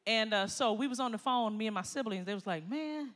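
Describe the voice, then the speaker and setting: Bright-voiced woman preaching in a hall. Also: mid-range voice, fast. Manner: animated, swings from quiet storytelling to loud exhortation, laughs often. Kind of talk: sermon with personal stories. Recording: long hall reverb.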